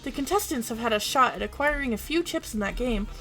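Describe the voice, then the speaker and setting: A woman voicing a dramatic game show announcer in a video game, reading the lines aloud with a grand, drawn-out delivery. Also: fairly high pitch, expressive, sharp tone, soft background music.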